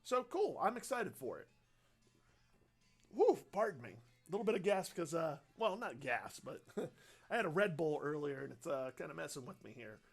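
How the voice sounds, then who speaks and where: A young man with a fairly high voice hosts a casual radio livestream from a studio. He rambles in an upbeat, chatty way while answering viewer comments. Faint music plays behind him. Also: sing-song, normal speed, vocal fry. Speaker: radio host. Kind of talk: casual livestream chat, reading viewer questions.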